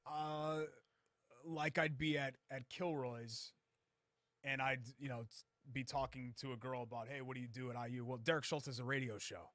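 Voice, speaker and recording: A man's voice: medium pitch, steady tone, normal speed, a bit bright, dry recording. A middle-aged man co-hosting a sports talk show, bragging in a playful, self-mocking way during casual banter in a studio. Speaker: co-host.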